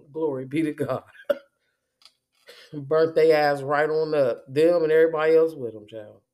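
A woman's voice: sits low, a little mellow. A woman giving a profane, confrontational spoken rant as a spiritual vlogger, cursing heavily and repeating herself.

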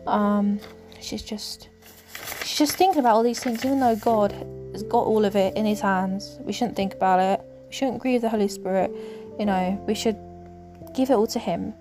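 A woman hosting a casual faith podcast, talking in a rambling, hesitant way with many pauses and fillers. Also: mid-range voice. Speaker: podcast host. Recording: music clearly underneath.

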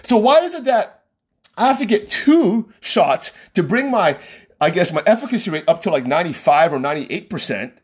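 A man's voice: sits high, big pitch swings, moderate pace, slightly rough. A man talking as a podcast host in an exasperated, argumentative rant that keeps repeating itself. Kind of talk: ranting monologue.

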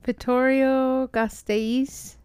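Woman co-host, upbeat and curious, a bit high, clean dry mic. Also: level tone, very slow, a little mellow, smooth, dry recording. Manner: upbeat, encouraging, asks lots of questions. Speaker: podcast co-host. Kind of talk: casual chat.

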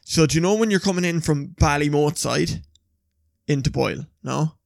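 A man with an Irish accent, chatting casually and telling animated stories, swearing freely. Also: on the high side, normal speed, creaky, no echo. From Ireland. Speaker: podcast co-host. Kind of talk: casual chat.

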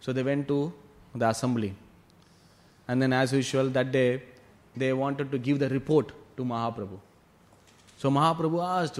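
A man's voice: mid-range voice, normal speed, pauses often. Man telling a scripture story. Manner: lively retelling, frequent "you know" and "huh?" asides. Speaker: devotional class speaker.

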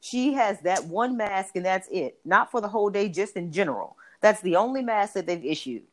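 A woman in casual chat, expressively retelling a conversation and lifting her voice when she quotes others. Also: normal speed. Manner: expressive retelling, rises in pitch quoting others.

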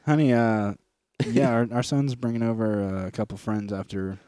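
A man's voice: medium pitch, fairly even intonation, normal speed, mellow, clear, resonant tone, dry recording. A young man co-hosting a comedy podcast in casual chat, joking crudely and laughing often. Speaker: podcast co-host.

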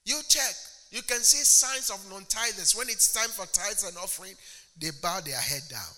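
A man's voice: high voice, lively intonation, moderate pace, bright, forceful tone, long reverb tail. A man preaching a sermon as a pastor, using a prop and mocking impressions of churchgoers.

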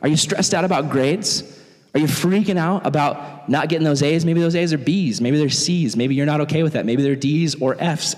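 A man preaching to young people as their pastor, animated and jokey, acting out quotes in funny voices. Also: a little high. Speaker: youth pastor. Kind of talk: sermon. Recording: long hall reverb.

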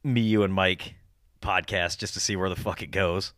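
A man's voice: sits low, steady tone, normal speed, a bit bright, dry recording, clean studio sound. A man hosting a podcast, telling crude stories in casual chat, swearing a lot and laughing as he acts out his friends' lines. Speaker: podcast host.

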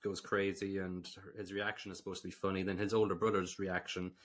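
A man's voice: sits low, little pitch movement, brisk. An Irish man co-hosting a film podcast, recapping sketches in casual chat with blunt, dismissive verdicts. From Ireland. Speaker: podcast co-host.

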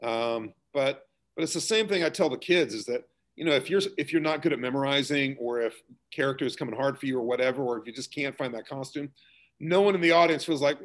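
A middle-aged man, a school theater director, explaining his work in a relaxed interview, talking conversationally with fillers and restarts. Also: mid-range voice, quick pace.

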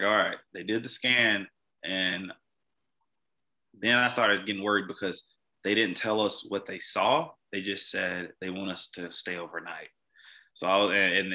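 A young man appears as a podcast guest and tells a personal story, rambling casually and earnestly and saying "like" a lot. His voice sits low with a sharp tone at a moderate pace, and the audio is poor.

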